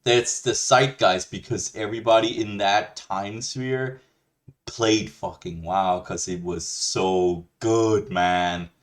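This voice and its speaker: A man's voice: fairly low pitch, steady tone, takes it slowly. A man hosting a reaction video, ranting bluntly with lots of swearing and rambling restarts. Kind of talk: ranting commentary.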